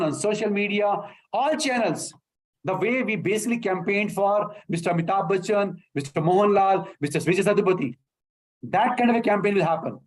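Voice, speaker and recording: A man's voice: sits high, rough recording. A middle-aged man with an Indian English accent, giving a motivational training talk to sales reps in an emphatic, repetitive way. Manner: emphatic, repetitive, addresses listeners as sir.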